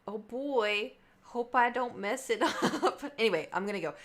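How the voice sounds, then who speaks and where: A woman's voice: on the high side, expressive, a little slow. A young adult woman livestreaming, chatting casually and rambling between topics with her viewers. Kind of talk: casual chat to stream viewers.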